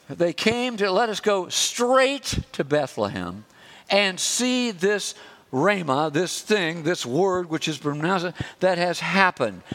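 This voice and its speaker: A middle-aged male pastor preaching a sermon, stressing his points and slowing down for lists. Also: fairly high pitch, fairly bright tone.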